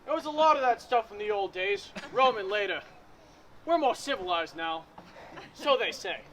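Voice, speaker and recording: An actor playing a folksy stage manager who also leads a wedding, in a stage play, with dry, wry asides. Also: male voice, high voice, animated, moderate pace, a bit bright. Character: folksy male stage manager, later officiating minister. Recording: distant, muffled stage recording with faint noise.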